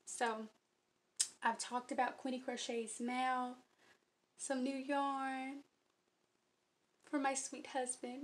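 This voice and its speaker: A woman's voice: a little high, gravelly, a little hiss or hum. A young adult woman vlogging about crochet in an earnest, rambling way, running her words together and giggling. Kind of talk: casual chat to viewers.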